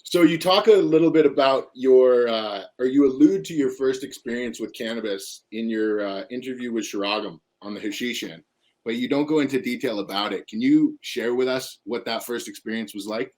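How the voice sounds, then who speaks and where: A man hosting a podcast, asking his guest questions in a relaxed, conversational way. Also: medium pitch, moderate pace. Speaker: podcast host. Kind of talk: casual interview questions.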